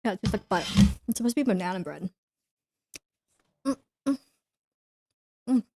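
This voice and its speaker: A woman's voice: mid-range voice, expressive, normal speed, dark tone. A young woman streamer chatting casually to her viewers, rambling with lots of fillers and giggling often. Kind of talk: casual livestream chat.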